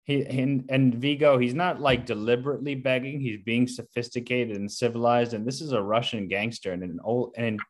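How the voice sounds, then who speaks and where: A man in casual film discussion, animated and acting out quotes from scenes. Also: mid-range voice, normal speed, few pauses. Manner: animated, acts out movie quotes. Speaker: co-host discussing films.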